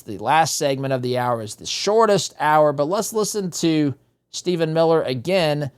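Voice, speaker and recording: A man hosting a talk radio show, giving emphatic, opinionated commentary, firing off rhetorical questions and calling his listeners "my friends". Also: a little high. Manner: rhetorical questions, animated swings in loudness.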